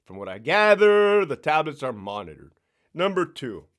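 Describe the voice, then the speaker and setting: A man's voice: on the high side, very animated, normal speed, a bit bright. Blunt, profane ex-sergeant man ranting. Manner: repeats words, restarts. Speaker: former prison sergeant. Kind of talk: casual ranting vlog.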